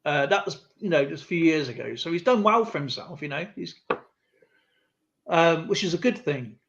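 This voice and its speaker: A man's voice: fairly high pitch, animated, normal speed, noisy background. A man hosting a live stream, telling a rambling anecdote in a casual, chatty way with lots of fillers and asides. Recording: slightly muffled lo-fi stream audio.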